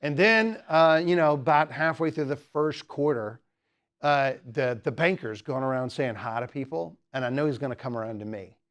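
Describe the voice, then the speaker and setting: A man's voice: medium pitch, moderate pace, fairly bright tone. A young man teaching a student club in a humorous lecture, teasing the audience and chatting with lots of fillers. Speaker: teacher giving a talk.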